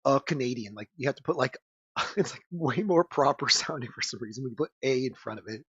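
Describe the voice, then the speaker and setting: A man's voice: medium pitch, lively intonation, a little fast, a bit bright, slightly rough, dry recording. A man on a casual podcast, rambling in crude banter with lots of fillers and swearing. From United States. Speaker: podcast co-host. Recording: dull lo-fi dry sound.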